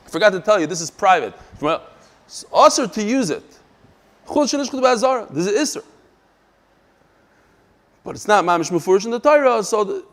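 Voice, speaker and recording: Animated man teaching a Talmud class. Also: sits high. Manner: animated, quick asides and storytelling.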